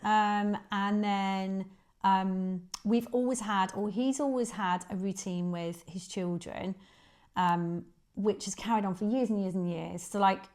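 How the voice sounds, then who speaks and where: A woman in her forties, from Manchester in England, talks casually as a guest in a Northern English accent, self-deprecating and filling pauses with "um." Her mid-range voice is darkish, with a steady tone and a measured pace.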